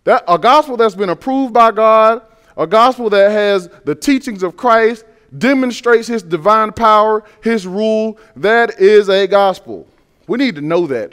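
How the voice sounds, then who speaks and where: A man preaching a sermon to his congregation, talking emphatically, repeating his phrases and asking rhetorical questions. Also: sits high.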